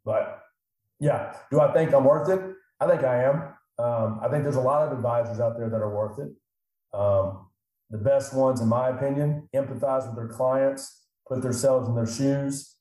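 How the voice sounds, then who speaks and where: A man's voice: medium pitch, normal speed, dark tone. A middle-aged man who works as a financial advisor, talking casually and animatedly, often acting out his clients' voices. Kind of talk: casual podcast talk. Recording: very echoey room.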